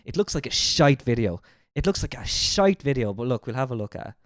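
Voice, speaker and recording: A livestream host, chatting in a profane, mocking, animated way. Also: medium pitch, fairly quick, no echo, studio quality, soft background music. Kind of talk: casual livestream chat.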